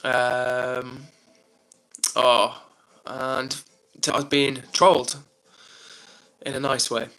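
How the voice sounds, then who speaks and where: A man's voice: medium pitch, flat delivery, very slow, long pauses, pushed and bright, low-quality recording. A man from England hosting a casual live stream, rambling upbeat through viewer comments with lots of fillers.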